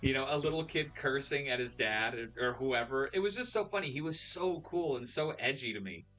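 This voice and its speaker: A man's voice: medium pitch, expressive, fairly quick, bright, forceful tone, soft background music. A young man hosting a casual live stream, rambling and correcting himself as he reads out chat messages.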